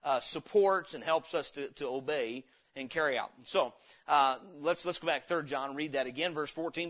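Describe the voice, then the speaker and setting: A male pastor delivers a sermon with a high, bright, forward voice. He talks in a folksy, conversational way full of homespun stories, and the church recording sounds dull and lo-fi. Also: moderate pace.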